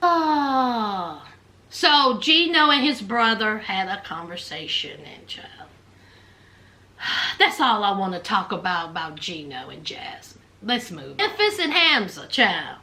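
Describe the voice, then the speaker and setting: A woman's voice: mid-range voice, very animated, measured pace, sharp tone. A woman with a Southern US accent, recapping a reality TV show in casual, sassy storytelling with playful trash talk.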